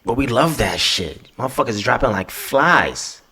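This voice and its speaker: A man's voice: medium pitch, expressive, a little slow, bright, forceful tone, breathy edge. A man hosting a podcast, talking alone in a loose, profane, emphatic way and often tagging his points with "right?". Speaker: podcast host. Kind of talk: casual monologue.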